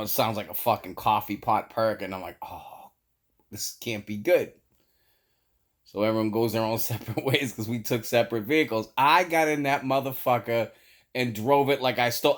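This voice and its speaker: Profane, animated man telling a story. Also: mid-range voice. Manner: profane, animated, laughs mid-sentence. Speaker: storyteller vlogger. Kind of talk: casual comic storytelling.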